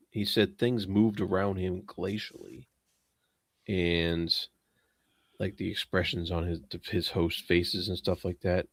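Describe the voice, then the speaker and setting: Deep-voiced man rambling through fillers. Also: a bit bright, dry recording, clean studio sound. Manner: rambling, hesitant, many fillers, laughs at himself. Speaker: book club member. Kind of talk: casual book discussion.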